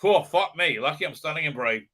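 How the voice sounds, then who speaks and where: A man putting on a whiny, self-pitying elf warrior woman, shouting in mock drama. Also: a little high, expressive, brisk, pitched below the performer's own voice. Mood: mock despair.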